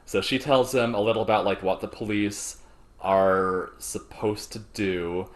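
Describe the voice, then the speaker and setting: A man's voice: fairly low pitch, fairly even intonation, measured pace. A man co-hosting a podcast, joking in casual chat, with a slight cough. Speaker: podcast co-host.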